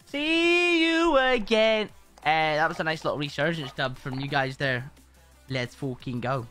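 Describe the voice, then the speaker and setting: A man's voice: medium pitch, steady tone, moderate pace, sharp tone, soft background music. A man streaming a video game live, chatting casually with viewers, rambling and swearing a lot. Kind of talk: casual live-stream chat while gaming.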